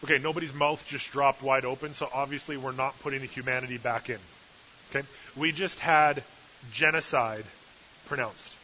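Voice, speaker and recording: A man's voice: fairly high pitch, sharp tone. A male preacher giving a sermon with humorous, sarcastic asides, in a dull lo-fi recording with hiss.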